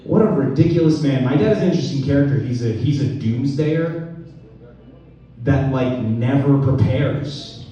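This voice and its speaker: A young man doing a stand-up comedy set, with deadpan delivery and slow-landing punchlines. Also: mid-range voice, lo-fi sound. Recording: echoey room from far off the mic.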